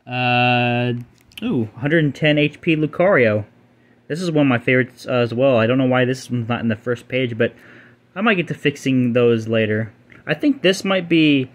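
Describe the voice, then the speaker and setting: A young man casually showing off his card collection, rambling, swearing freely and stumbling over names. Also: mid-range voice. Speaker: channel host.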